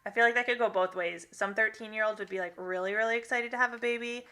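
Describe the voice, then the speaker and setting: Bright-voiced chatty young woman streamer. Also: on the high side, fairly even intonation, quick pace, soft background music. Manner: chatty, laughs often, rambling. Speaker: gaming live-streamer. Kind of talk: casual live-stream chat, reading viewer comments.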